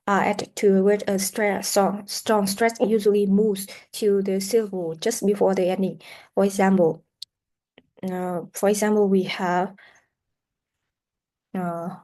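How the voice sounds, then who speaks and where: Mellow-voiced woman teaching pronunciation. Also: medium pitch, flat delivery. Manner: slow, explanatory, with frequent "uh" fillers; models sounds and words for repetition. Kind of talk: recorded classroom lecture.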